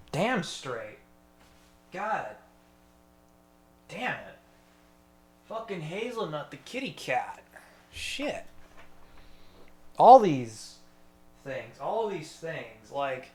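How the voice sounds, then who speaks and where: A man's voice: a little high, darkish tone. A man in a rambling solo monologue, swearing freely and talking to himself. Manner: profane, meandering, talks to himself.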